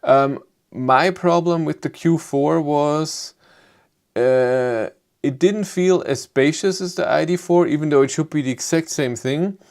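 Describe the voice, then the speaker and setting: German guy rambling on a live stream, gravelly voice, lots of restarts. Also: fairly high pitch, darkish tone. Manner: rambling, halting, frequent restarts. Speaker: YouTube car channel host. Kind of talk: live stream chat answering viewers.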